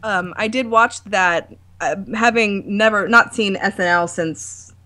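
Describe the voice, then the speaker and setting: A woman's voice: mid-range voice, a little slow, pushed and bright. A woman guest on a podcast, chatting casually with frequent ums and dry, teasing remarks. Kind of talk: casual chat.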